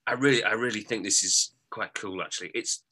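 A man's voice: fairly low pitch, a little fast, bright, forceful tone, slightly rough, poor audio. A man co-hosting a podcast in casual chat, rambling and correcting himself with a joking tone. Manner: rambling, self-correcting, jokey. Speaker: podcast co-host.

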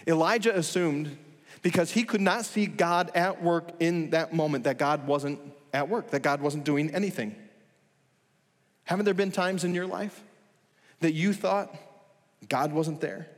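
A man delivers a sermon in a somewhat high voice, building his points with one rhetorical question after another. He speaks with steady emphasis. His words trail off into the long reverb of a large church hall. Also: unhurried, long pauses. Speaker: pastor.

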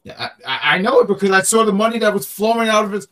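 A male co-host on a podcast talks about wrestling in a loose, animated way, cracking jokes and often saying things twice. He speaks fast in a high-pitched, slightly bright voice.

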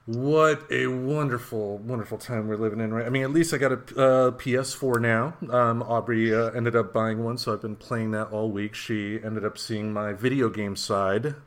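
A man's voice: medium pitch, steady tone, moderate pace, few pauses. A man hosting a casual podcast, talking loosely with plenty of fillers and the odd curse word. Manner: loose, swearing, lots of fillers. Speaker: podcast host. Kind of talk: casual chat.

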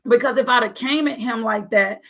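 A middle-aged woman with a fairly high voice and a gravelly edge talks through faith-based parenting. She is earnest and a little preachy. She keeps asking rhetorical questions. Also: brisk, sharp tone.

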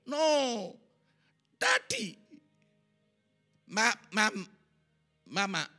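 A man preaching with a high, ringing, bright voice. He tells his story in an animated way, repeating phrases and chanting syllables for emphasis. Faint music plays softly behind him. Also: moderate pace. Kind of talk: sermon.

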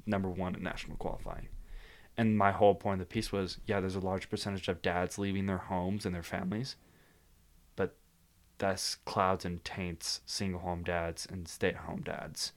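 A man's voice: low-pitched, little pitch movement, moderate pace. A young man talking casually on a podcast as a guest, rambling, laughing often and breaking into silly voices.

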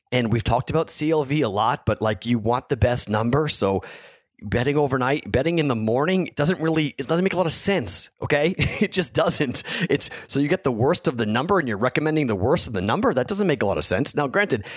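A frustrated man hosting a sports betting podcast talks in a frank, heated, rambling way. His voice sits at an ordinary middle pitch and sounds close and dry, with no room around it. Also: no echo. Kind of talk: casual solo podcast talk.

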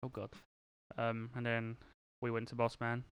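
A man's voice: mid-range voice, monotone, moderate pace, clean tone. A man co-hosting a casual podcast chat, teasing his co-host with dry jokes.

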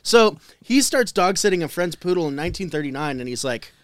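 A man's voice: on the high side, sing-song, fairly quick, dry recording. A man co-hosting a podcast, telling a story in casual chat, wry, laughing and swearing.

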